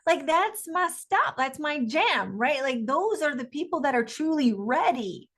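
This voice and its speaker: An energetic woman coach talks in a higher voice. Her delivery is emphatic and eager, with frequent laughter, as she speaks as a guest in an interview. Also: measured pace. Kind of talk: enthusiastic interview talk.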